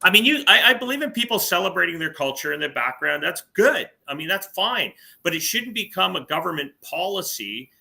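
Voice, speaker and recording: A man's voice: high-pitched, big pitch swings, brisk, gravelly, few pauses, bright, forceful tone. A man from Canada, co-hosting a political livestream, arguing his points emphatically and firing off rhetorical questions. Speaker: political talk show co-host. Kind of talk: opinionated political livestream chat. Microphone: livestream call mic.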